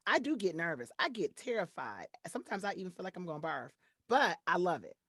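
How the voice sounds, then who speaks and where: A middle-aged woman from Detroit talks as a guest on an interview show, playful and animated, often acting out what others say. Her voice is bright and forward, and it moves over a wide pitch range. The sound is close and dry, with no room around it. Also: a little fast, husky, no room sound. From Detroit, Michigan. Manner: animated, playful, acts out quotes in high voices. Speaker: podcast guest, voiceover artist. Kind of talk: casual interview chat.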